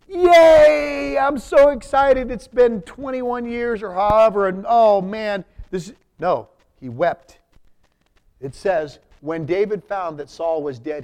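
A man preaching a sermon as pastor, reading scripture aloud and then explaining it in plain talk, with sudden emphatic rises and soft drops. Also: fairly high pitch.

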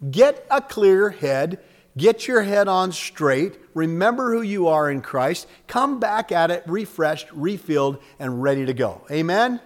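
A man preaching a sermon with lots of energy, acting out little scenes and jumping up and down in pitch and loudness. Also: in a large hall. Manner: animated, acts out little scenes with sudden jumps in pitch and volume. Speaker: pastor.

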